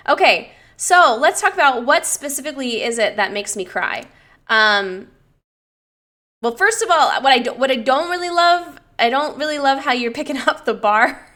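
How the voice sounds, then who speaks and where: A young woman personal trainer casually reviewing clients' lifting technique, chatty and given to swearing and gushing excitement. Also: high voice, normal speed.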